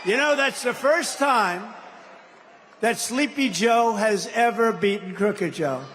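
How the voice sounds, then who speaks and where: Older man, rally speech, high-pitched for a man, long reverb of a big hall, faint ambience, mocking and rambling. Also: expressive, slow, background noise. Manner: rambling, mocking, crowd-baiting with asides. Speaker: political candidate at a rally. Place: large rally hall with crowd.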